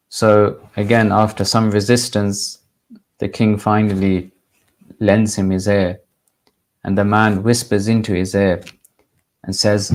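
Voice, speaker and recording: A man who is a religious teacher, telling a moral story in a measured, deliberate sermon style. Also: lowish voice, level tone.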